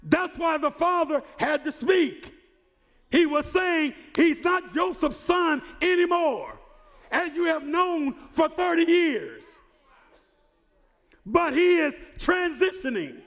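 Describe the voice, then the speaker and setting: A male pastor preaching a sermon who repeats and restarts words and builds to shouted emphasis. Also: extremely high pitch, very animated, takes it slowly, big-room sound. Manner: repeats words and stumbles on starts.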